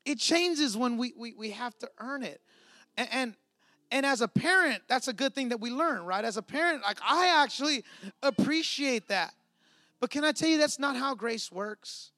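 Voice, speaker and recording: A pastor in his thirties with a strikingly high voice delivers a sermon in a loose, conversational way, tossing asides to the congregation. The sound is dry and close. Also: expressive, normal speed, sharp tone, no room sound. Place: church.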